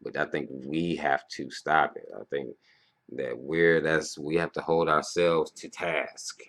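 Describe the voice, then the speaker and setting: A man in his thirties with an extremely low, gravelly voice talks through a loose, profane monologue. He rambles and then bursts out loudly. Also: unhurried. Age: 30s. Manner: profane and rambling, with loud animated outbursts. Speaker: vlogger. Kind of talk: casual monologue.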